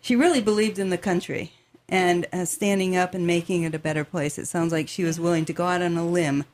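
Woman radio host, lowish voice, friendly interviewer. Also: steady tone, a little fast, darkish tone.

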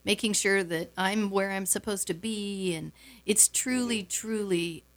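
A middle-aged woman chatting as a guest in a radio studio, telling stories with quick laughs. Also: mid-range voice. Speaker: guest, show emcee. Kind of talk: casual radio interview chat.

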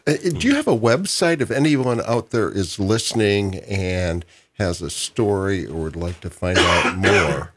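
A man hosting an interview, asking relaxed, halting questions with fillers. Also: low voice, slightly rough. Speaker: interview host. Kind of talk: conversational interview.

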